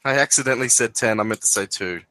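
A man's voice: medium pitch, fast, poor audio. A man playing a tabletop game, crude and swearing a lot. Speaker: player. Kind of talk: casual tabletop play.

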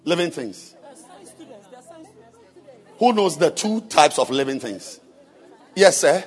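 A man delivers a sermon in a high, very animated voice, swinging between hushed lines and shouted, sing-song peaks. He keeps quizzing the congregation with rhetorical questions. Faint music and a murmuring crowd sit behind him in the church. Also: slow. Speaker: preacher.

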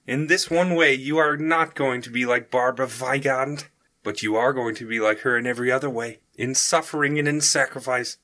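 A man voicing the Holy Mother, a gentle, solemn woman, by reading her messages in a raised voice. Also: medium pitch, fairly even intonation, brisk, lightly acted.

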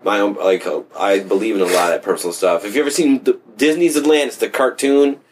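A man's voice: on the low side, fairly even intonation, quick pace, slight background noise. A man in casual conversation, rambling loosely with lots of fillers and offhand swearing.

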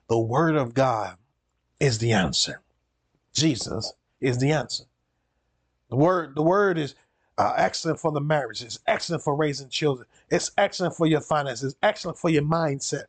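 Male pastor, sermon, slightly high voice, dry close sound, emphatic repetitive delivery. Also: animated, moderate pace, long pauses, breathy edge, no echo.

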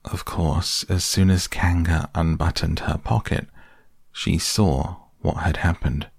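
A man reading a children's storybook aloud in an unhurried, gentle way. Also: low-pitched, fairly even intonation, creaky, husky, no room sound, studio quality. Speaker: narrator.

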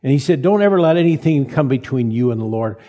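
A man's voice: medium pitch, expressive, dark tone. Older male pastor, folksy sermon in a hall. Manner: folksy, halting restarts, self-deprecating humor. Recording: reverberant hall.

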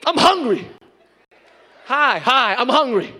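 Preacher guy, real high bright voice, yelling and acting stuff out in church. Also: slow pace, a faint crowd. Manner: animated preaching, shouting and acting out scenes. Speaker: pastor. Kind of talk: sermon.

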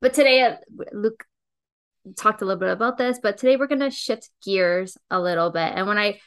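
A woman's voice: medium pitch, fairly quick, smooth. A woman hosting her podcast, enthusiastic and chatty as she introduces and questions her guest. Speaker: podcast host. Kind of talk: casual podcast interview.

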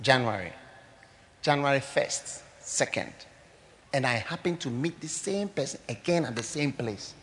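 A pastor, preaching a sermon and telling stories, swinging between loud declarations and hushed asides. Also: male voice, mid-range voice, animated, a little slow, a little hiss or hum.

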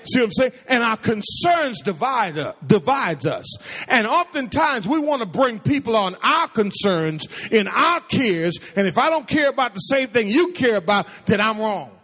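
A pastor preaching a sermon in a lively, conversational way, with playful asides and quoted voices acted out. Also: male voice, normal speed. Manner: acts out quoted voices in a high pitch.

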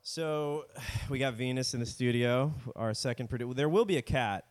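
A man's voice: medium pitch, moderate pace, clean tone. A man co-hosting a casual comedy history podcast, joking around and slipping into silly voices. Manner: jokey, slips into silly put-on voices. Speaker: podcast co-host. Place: home studio with a cat.

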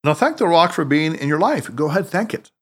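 A man reading the lines of a wise, playful male mentor in an audiobook, teasing and gently insistent. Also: a little high, sing-song, brisk.

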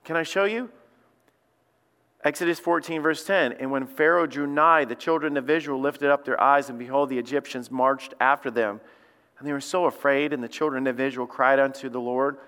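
A man's voice: a little high, animated, normal speed, pushed and bright. A man preaching a sermon as lead pastor, talking conversationally and acting out quotes. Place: church sanctuary. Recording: long church hall reverb.

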